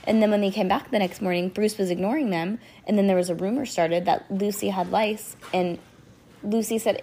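A woman's voice: on the low side, brisk, gravelly, dark tone, slight background noise. A woman who is a little sick reading a children's chapter book aloud and chatting about the story between passages. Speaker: reader.

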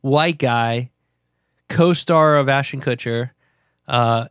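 A man co-hosting a casual podcast, laid-back and quick to laugh. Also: medium pitch, a bit bright, smooth, no echo, studio quality. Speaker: podcast co-host. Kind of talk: casual chat.

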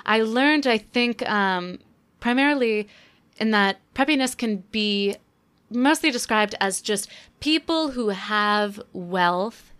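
A woman's voice: mid-range voice, a bit bright. A young woman hosting a solo podcast, chatting casually with a wry, rambling manner and many fillers. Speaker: podcast host.

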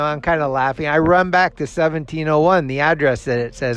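This show host's voice runs on the high side as he tells a story in a laid-back monologue at a moderate pace, with few pauses. Animated throughout, he performs the other people's parts, curses without restraint and laughs at himself.

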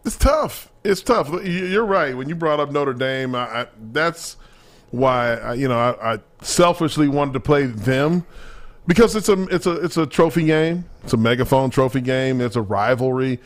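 A man's voice: mid-range voice, moderate pace. A man co-hosting a casual sports talk show, chatting and bantering about college football. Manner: animated, laughing banter. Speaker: co-host.

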